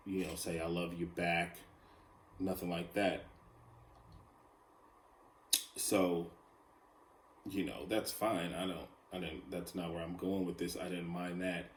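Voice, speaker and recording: Rambling man with a low, echoey voice. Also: little pitch movement, measured pace, a little hiss or hum. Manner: rambling, confessional, lots of fillers. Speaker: podcast host. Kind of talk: casual solo podcast monologue.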